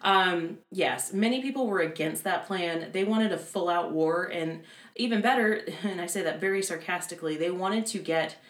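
Woman, low voice, chatty history storyteller, sarcastic asides, echoey room. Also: moderate pace, few pauses. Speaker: podcast co-host telling history. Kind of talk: casual chat.

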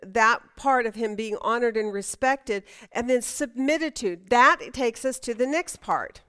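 A woman's voice: a little high, fairly bright tone. A middle-aged woman leading a Bible study lesson, talking conversationally, asking the class questions and often restarting her sentences.

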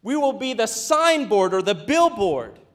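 Pastor, male, very high voice; chatty sermon delivery, acts out quotes, builds to shouts. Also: big pitch swings, measured pace. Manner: conversational preaching with playful asides and acted-out quotes.

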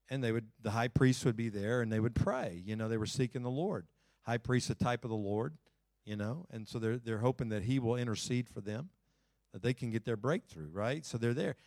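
A male pastor giving a lively sermon, talking straight to the congregation, with jokes and sudden loud, fiery stretches. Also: medium pitch, no room sound, studio quality. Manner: folksy, talks to the congregation directly.

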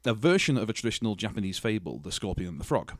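A man's voice: on the low side, very animated, fast talker, no echo, studio quality. A man co-hosting a podcast, chatting casually and telling a rambling story with self-deprecating jokes. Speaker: podcast co-host. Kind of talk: casual chat.

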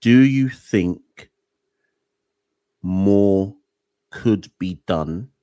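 A man with a very deep voice hosts an interview podcast, recorded dry and close with no room sound. He feels his way toward his questions, restarting and rephrasing them as he goes. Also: drawn-out words, warm tone, clear, resonant tone, no echo. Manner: searching for words, restarts questions, thinks aloud. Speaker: podcast host. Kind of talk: conversational interview.

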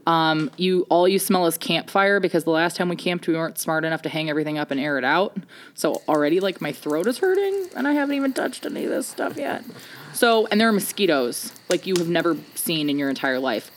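A woman tells a comic story in an animated, self-mocking way, breaking into laughs between lines. Her voice sits on the low side for a woman. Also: a little hiss or hum.

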